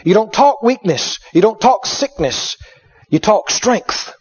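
A man's voice: high-pitched, animated, slow pace, a little mellow, breathy edge. A middle-aged male preacher telling a story in a sermon, repeating words for emphasis. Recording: dull lo-fi recording.

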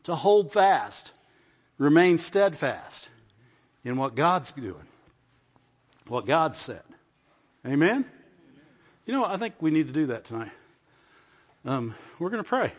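During a church service, a pastor delivers a relaxed, conversational sermon, pausing for call-and-response asides asking his congregation for an "amen". His voice is a touch high for a man. The recording is muffled, with long reverb from a large hall.

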